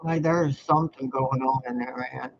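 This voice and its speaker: A man's voice: medium pitch, fairly quick, dull audio, slight background noise. A man doing tarot readings, talking in a rambling, blunt way with a lot of swearing. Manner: profane, expressive, blunt. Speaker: tarot reader. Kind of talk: rambling casual monologue.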